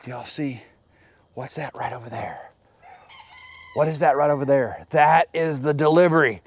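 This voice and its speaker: A man with a voice on the high side leads a casual walk-and-talk tour of his wooded homestead at a moderate pace. Folksy and rambling, this homestead vlogger pokes fun at his rooster, with a bit of background noise in the audio.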